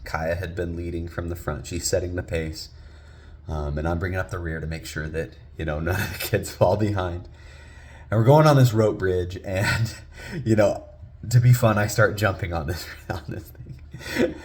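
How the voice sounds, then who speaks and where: A man in his thirties, a father, telling a personal story in a lively way that rises loud and sinks to a hush. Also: moderate pace. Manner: lively, climbs loud on exciting beats and drops low and hushed at tense moments.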